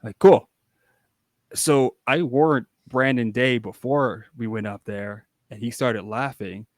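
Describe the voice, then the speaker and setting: A man's voice: mid-range voice, steady tone, measured pace, dry recording, clean studio sound. A young man, a wrestler guest on a podcast, telling rambling, casual stories full of restarts and acted-out quotes. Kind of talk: casual storytelling.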